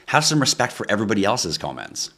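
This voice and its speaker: A man's voice: on the low side, big pitch swings, fast, pushed and bright. A man hosting a live crypto stream, talking bluntly to his chat viewers and ranting at times. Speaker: livestream host.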